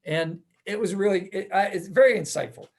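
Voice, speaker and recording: Man, high pitch, chatty host, animated, filler words, video call. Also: a little fast, vocal fry. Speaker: podcast host. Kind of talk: casual interview over video call.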